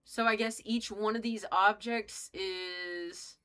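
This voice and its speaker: Young woman game streamer, bright and forceful tone, loose rambling chatter, cusses freely, talks straight to chat. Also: mid-range voice, steady tone, slow pace, clean tone. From United States. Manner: rambling, joking, swears freely, chats with viewers. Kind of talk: casual live-stream chat while playing.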